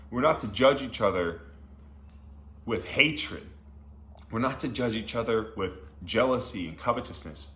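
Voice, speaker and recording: A man reading Bible passages and explaining them in a casual, slangy way, breaking into excited asides as he teaches. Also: lowish voice. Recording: echoey room with faint background noise.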